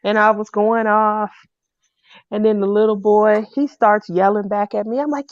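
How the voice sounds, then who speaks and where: A woman telling a personal story in a casual, animated way. She acts out the people she quotes in a loud voice. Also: mid-range voice, normal speed, no room sound. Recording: dull, dry lo-fi recording.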